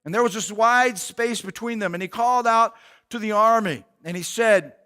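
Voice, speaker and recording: A man's voice: sits high, moderate pace, bright, forceful tone, smooth. A male pastor preaching a sermon in a casual, conversational way.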